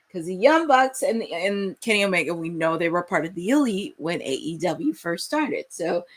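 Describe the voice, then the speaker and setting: Her voice sits in the mid range as this young woman hosts a live wrestling watch-along. She gives excitable play-by-play, breaking into shouts at key moments.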